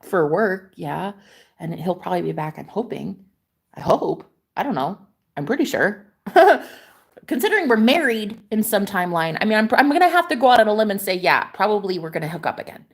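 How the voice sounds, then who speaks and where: A woman's voice: medium pitch, very animated, a little fast, gravelly, breathy edge. A woman who works as a manifestation coach, talking in a casual vlog monologue, emphatic and full of swearing, rambling from one point to the next.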